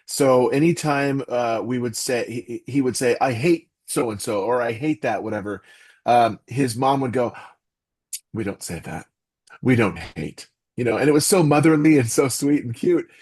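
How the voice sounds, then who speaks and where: Earnest, animated middle-aged man. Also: medium pitch, normal speed. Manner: earnest, animated, with quoted asides. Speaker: podcast guest, author and voice actor. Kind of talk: casual interview talk.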